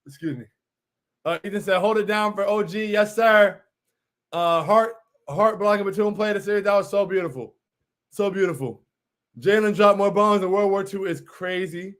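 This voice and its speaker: A man in his thirties from New York hosts a casual fan stream, reading out viewer messages with a fairly high voice. He is hyped and animated and keeps echoing his own lines. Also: moderate pace. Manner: excited, repeats phrases, reads viewer comments aloud. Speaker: livestream host reading chat. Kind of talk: casual hype chat.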